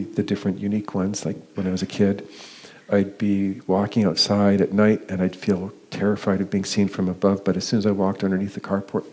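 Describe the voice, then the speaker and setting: A deep-voiced man speaks at a talk, recounting his experience in a loose, conversational way. His delivery is hesitant, full of fillers and restarts. He slips into higher voices for the people he quotes. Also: a little mellow. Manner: acts out quoted dialogue with raised pitch. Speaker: conference speaker. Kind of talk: personal story told as a lecture.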